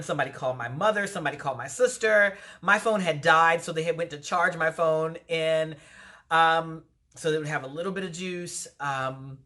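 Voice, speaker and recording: A woman telling a personal story in a vlog, animated and lively, her voice leaping up when she replays her own words. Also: low-pitched. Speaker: vlogger.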